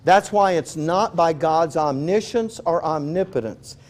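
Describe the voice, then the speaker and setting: Male preacher, high voice, folksy sermon delivery, animated storytelling. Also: a little slow. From Texas. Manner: folksy, animated, acts out quoted prayers. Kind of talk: conversational sermon.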